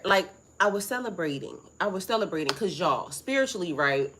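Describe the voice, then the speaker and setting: A middle-aged woman hosts a casual spiritual live stream. Her voice sits fairly low for a woman. She rambles, swears freely and gets more and more excited as she talks. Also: fairly quick. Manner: rambling, excitable, profane, greets viewers by name.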